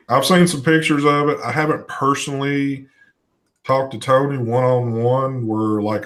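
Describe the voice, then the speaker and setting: Man, casual live-stream co-host, laid-back, reads chat aloud, mild swearing. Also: medium pitch. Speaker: co-host of a vaping live show.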